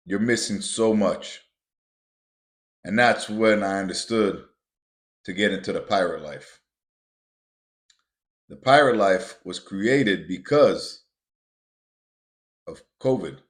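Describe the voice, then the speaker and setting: Male podcast host, low voice, casual motivational storyteller who hammers points home, roomy echo. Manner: builds to emphatic, repetitive punches; casual, addresses listeners as guys.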